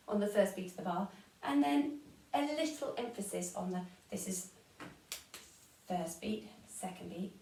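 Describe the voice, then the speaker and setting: A woman's voice: mid-range voice, darkish tone, distant mic, slight background noise. English woman teaching strings, echoey room. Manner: counting aloud and chanting rhythm syllables. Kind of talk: online music lesson. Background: violin playing.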